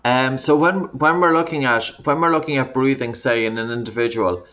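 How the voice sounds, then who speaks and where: A man speaks in a medium, everyday pitch, patiently explaining things step by step. He often restarts and repeats words as he goes. His voice comes through remote call audio. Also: steady tone, a little fast, a bit bright, lo-fi sound. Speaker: breathing coach. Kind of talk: interview, explaining.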